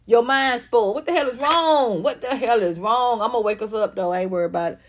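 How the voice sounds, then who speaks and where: A woman hosts a casual celebrity gossip show. Her voice sits a little high. She is brash and profane and tells her stories in a loud, animated way. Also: a little fast, hardly any pauses, a little hiss or hum. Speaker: channel host.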